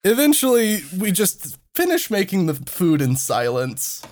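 A man's voice: high voice, wildly swooping pitch, measured pace. A man casually telling a swear-heavy story to friends on a podcast, laughing as he goes. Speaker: podcast co-host.

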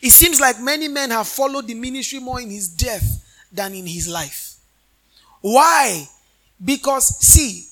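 A man's voice: very high voice, lively intonation, a little slow, fairly bright tone. A man preaching a sermon, often asking the congregation questions and answering them in a sing-song preaching cadence. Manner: call-and-response questions to the congregation. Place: church.

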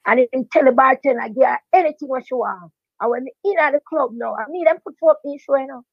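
An older woman with a strong Jamaican accent tells her story in quick bursts of patois and keeps hammering the same point home. Her voice sits high, and the recording sounds dry and a little dull. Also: vocal fry, husky, no room sound. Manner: animated patois storytelling, emphatic repetition. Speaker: veteran dancehall DJ, guest. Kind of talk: storytelling interview.

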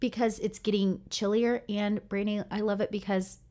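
A woman in a relaxed, casual chat who speaks openly and chattily. Her pitch sits in an ordinary middle range, and she laughs easily between remarks. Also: normal speed. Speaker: co-host.

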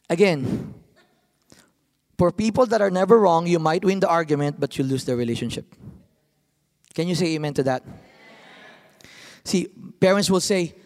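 A man in his thirties preaching a sermon, telling family stories with lively, acted-out quotes. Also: high-pitched. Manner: animated storytelling, acts out quotes. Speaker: pastor. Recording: long hall reverb.

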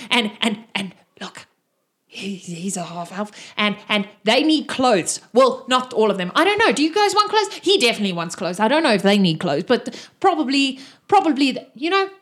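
A woman voicing an excitable, chatty male half-elf gatekeeper who gasps and babbles in a tabletop game. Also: a little high, breathy edge. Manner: gasping, babbling, fast and eager.

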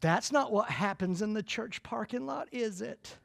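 A middle-aged man from Florida with a Southern US accent gives a humorous motivational speech to a live audience, telling folksy, animated stories. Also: high-pitched, moderate pace, creaky. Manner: folksy, animated storytelling with jokes. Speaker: keynote speaker. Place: conference room before a live audience.

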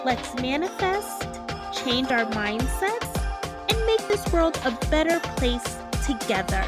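A woman's voice: high-pitched, big pitch swings, takes it slowly, over loud music. A woman podcast host giving an upbeat, enthusiastic, motivational introduction.

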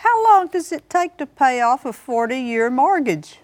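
A woman's voice: high-pitched, very animated, a little slow, darkish tone, no echo. A woman co-hosting a Christian broadcast, teaching on faith in a plain, firm manner with short affirming remarks. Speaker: minister, co-host. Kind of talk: Bible teaching in casual studio chat.

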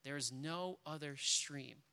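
A man reading aloud as a calm, majestic male lion from a storybook, speaking slowly and gravely. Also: fairly high pitch, exaggerated voice. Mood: solemn. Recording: reverberant hall.

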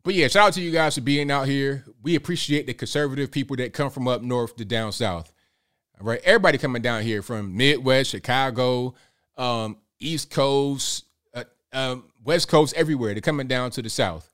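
Man, stream host, casual political commentary, rambling, digressive, talks to viewers, mid pitch. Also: normal speed, fairly bright tone. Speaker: livestream host.

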